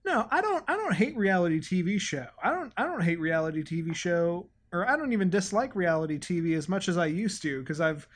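A man's voice: high voice, sing-song, a little fast, hardly any pauses. Sarcastic man stammering through chat. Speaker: podcast co-host. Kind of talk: casual chat.

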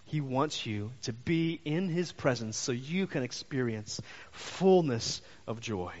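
A man preaching a sermon as pastor, telling stories in an animated way and briefly acting out the voices he quotes. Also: medium pitch, slow. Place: church sanctuary. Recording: muffled church hall reverb.

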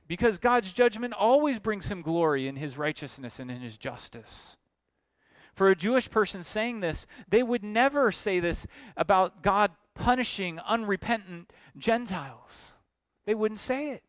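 A male preacher with a smooth, resonant voice pitched a little high, recorded close and dry. He works through his text with emphatic, building delivery. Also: lively intonation, unhurried, no room sound. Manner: emphatic, rising to forceful exclamations. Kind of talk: expository sermon.

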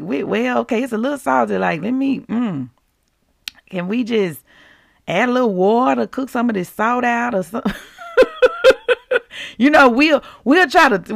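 A woman's voice: fairly high pitch, gravelly, a bit bright, no room sound, studio quality. A woman hosting a Christian devotional podcast, exuberant and laughing as she calls out to her listeners.

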